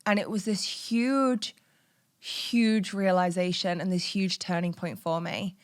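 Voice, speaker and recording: A woman's voice: fairly low pitch, fairly even intonation, a little slow. Woman in her thirties, podcast host; frank, chatty personal storyteller who laughs easily. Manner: frank and chatty, swears casually, laughs often.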